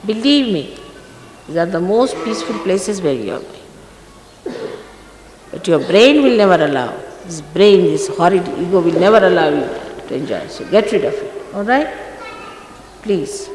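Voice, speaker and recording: A woman's voice: lowish voice, sing-song, unhurried, long pauses. Stern woman teacher, echoey old recording. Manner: stern and admonishing, emphatic. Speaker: spiritual teacher. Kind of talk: scolding spiritual talk to followers. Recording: echoey archive recording from a hall, faint noise.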